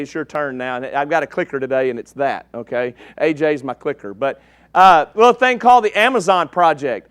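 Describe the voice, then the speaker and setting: With a slide show behind him, a church preacher from East Texas jokes folksily with his congregation and keeps asking "okay?". The high, slightly bright voice comes across clean in a dry studio recording.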